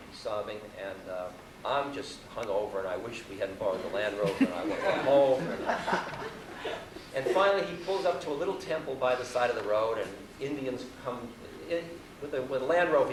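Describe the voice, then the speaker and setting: A man's voice: mid-range voice, lively intonation, a little fast. A man, telling a wry, self-mocking story to an audience at a university hall. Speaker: spiritual teacher. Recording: roomy live hall recording from far off, noisy.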